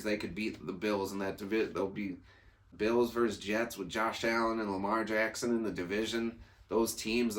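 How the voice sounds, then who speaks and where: A man hosting a casual solo sports talk show, rambling and opinionated, often repeating and restarting his phrases. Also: lowish voice.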